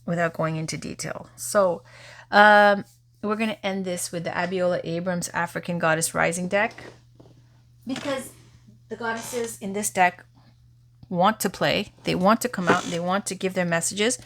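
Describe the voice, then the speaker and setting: A woman giving a tarot reading in a chatty, candid way, saying she is losing her voice. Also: fairly low pitch. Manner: chatty, candid, lively asides. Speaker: tarot reader. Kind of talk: tarot reading and guided affirmation.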